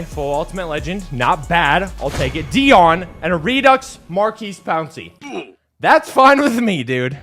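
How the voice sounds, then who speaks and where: A man from Montana doing hyperactive, joking video game pack-opening commentary and yelling at big pulls. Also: a little high. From Montana, USA. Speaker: gaming YouTuber.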